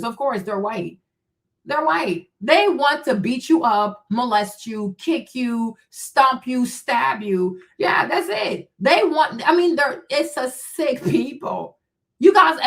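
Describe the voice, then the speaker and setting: A woman's voice: sits high, fairly bright tone. A woman hosting a live stream, answering chat in a confrontational, mocking rant full of profanity and rhetorical questions. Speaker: streamer host.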